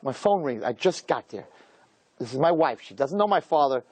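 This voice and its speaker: Male rabbi storyteller, fairly high voice, lively swings, dry close sound. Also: no room sound. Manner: animated, acts out dialogue with quick pitch swings. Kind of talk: storytelling talk.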